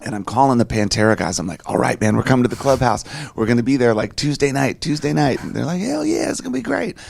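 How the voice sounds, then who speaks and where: Gravelly-voiced man telling a story. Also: mid-range voice, sing-song, fast talker, darkish tone. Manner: swears freely, acts out quoted voices. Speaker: interview guest. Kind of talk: animated anecdote telling.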